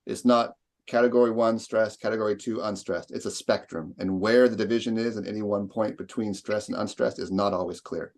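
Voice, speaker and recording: A man's voice: lowish voice, fairly even intonation, brisk. A man leading an online poetry seminar, explaining stress and meter and asking students questions. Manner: explanatory, questioning, tapping out rhythms.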